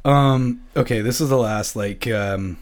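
A man's voice: mid-range voice, a little slow. Swearing, jokey podcast host man. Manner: jokey, swears freely, laughs often. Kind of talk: casual podcast banter.

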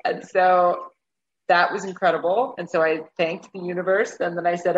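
A woman guest telling a personal story in casual conversation, animated and acting out the voices of the people she describes. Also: on the low side, moderate pace, slight background noise. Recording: dull lo-fi recording.

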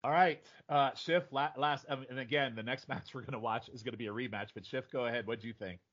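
A man's voice: medium pitch, fast, fairly bright tone. A man hosting a casual podcast chat, talking bluntly and swearing freely. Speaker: podcast host. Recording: dull lo-fi audio.

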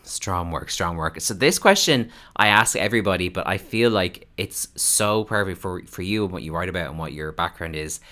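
A man hosting a relaxed podcast conversation, with a very low voice that still sounds bright and forward. He is upbeat, laughs easily and strings together long, chatty questions. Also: normal speed, hardly any pauses. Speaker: podcast host. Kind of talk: casual podcast chat.

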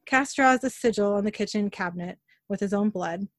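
Scene by scene, a woman hosting a podcast runs through a TV episode in a relaxed recap, reading out the characters' lines in almost her normal voice. Her pitch sits mid-range, and the sound is dry and close with little room tone.

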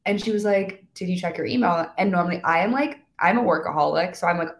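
A woman's voice: fairly low pitch, fast, roomy sound. A young woman in her twenties telling a story in casual chat, full of fillers and acted-out quotes. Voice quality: valley-girl filler talk, animated quoting. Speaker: guest influencer.

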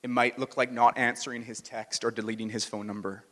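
A man's voice: medium pitch, level tone, fairly quick, sharp tone. A man in his thirties preaching a sermon as a pastor, conversational and self-deprecating, with quoted asides. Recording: music under a long hall reverb.

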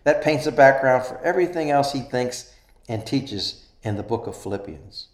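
A man preaching a sermon in an earnest style, stressing key phrases slowly. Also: medium pitch, lively intonation. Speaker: pastor. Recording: echoey room.

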